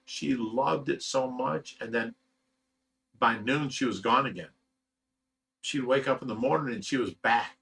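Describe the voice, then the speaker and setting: A man's voice: medium pitch, measured pace, gravelly, long pauses, a bit bright, slightly rough. A middle-aged man from Ohio, hosting a casual livestream, reading chat and telling rambling personal stories full of fillers and emotion. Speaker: fish rescue channel host reading live chat.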